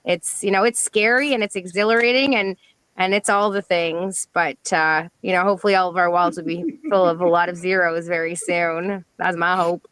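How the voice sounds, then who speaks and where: Bright, dry-sounding woman musing aloud. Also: on the low side, steady tone, moderate pace, smooth, no room sound, rough recording. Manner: musing, filler-heavy, earnest. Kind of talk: casual live audio chat.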